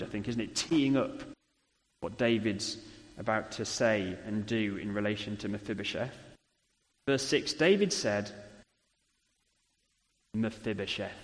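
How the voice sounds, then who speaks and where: A man delivers a sermon in a relaxed, conversational manner, checking in with his listeners through frequent tag questions. His voice sits at an ordinary middle pitch. It carries a long reverb from the church hall where he speaks. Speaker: preacher.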